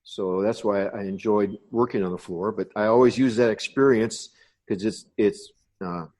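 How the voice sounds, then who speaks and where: A man's voice: lowish voice, moderate pace, a little mellow. A man in his sixties from the United States, a podcast guest telling long rambling stories about his past. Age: 60s. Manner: rambling reminiscing storyteller. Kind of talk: casual interview.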